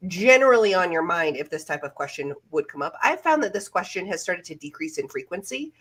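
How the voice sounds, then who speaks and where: Lady career coach on a live stream, lowish voice, calm reassuring tips. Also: a little fast, breathy edge. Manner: reassuring, advisory.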